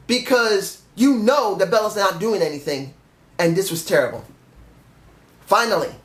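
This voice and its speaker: Reviewing a wrestling show on his own, a man rants in frustration and catches his own slips. His voice is high-pitched and a bit bright, captured in an echoey room.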